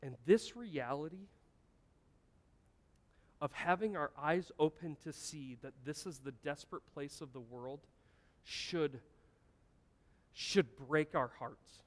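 A man's voice: fairly high pitch, takes it slowly, long pauses. A man preaching a sermon as pastor, earnest and emphatic, asking the congregation rhetorical questions. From United States. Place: church sanctuary. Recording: long church-hall reverb.

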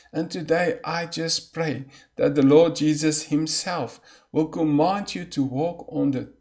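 A man's voice: fairly high pitch, vocal fry. A man preaching an earnest sermon, reading scripture aloud and leading a short prayer.

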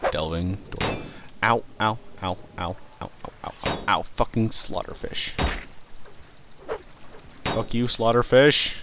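A young man casually commentating his own gameplay, rambling, swearing and reacting loudly to what happens in the game. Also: lowish voice, slow pace, heavy background noise. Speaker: let's play host.

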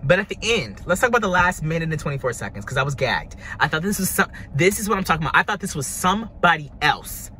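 A man giving a casual music review, excitable and dramatic, gushing with slang as a devoted fan. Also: fairly high pitch, fast, few pauses, slight background noise. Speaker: music reaction vlogger.

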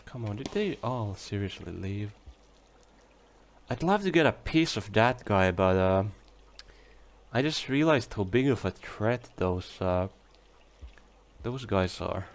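Swearing young gamer, slow and low. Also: male voice, animated. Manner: swearing, frustrated outbursts and muttering to himself. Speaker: let's play gamer. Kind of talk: casual gameplay commentary.

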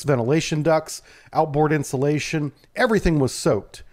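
Calm higher-voiced man telling a sea story. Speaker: submarine veteran storyteller. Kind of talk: first-person narration of a true story.

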